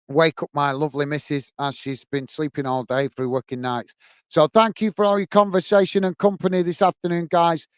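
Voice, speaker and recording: Bloke on a footie stream reading chat, high-ish smooth voice, dry close mic, keeps saying cheers mate. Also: male voice, no echo. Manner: friendly, repeats thanks and "mate" often. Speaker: football fan channel host reading live chat. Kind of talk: casual live-stream chat.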